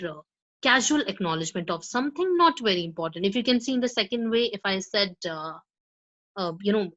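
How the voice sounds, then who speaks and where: A woman's voice: mid-range voice, a bit bright, muffled recording. A woman teaching a lesson on pronunciation to students, explaining step by step and often checking in with "right?". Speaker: spoken English teacher. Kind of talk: lecture to students.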